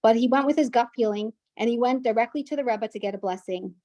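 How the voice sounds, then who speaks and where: Woman guest speaker, earnest storytelling with restarts, fairly high voice, dry close sound. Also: fast talker, dark tone, no room sound, muffled recording. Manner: earnest, with frequent restarts and repetitions. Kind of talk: personal story at a women's gathering.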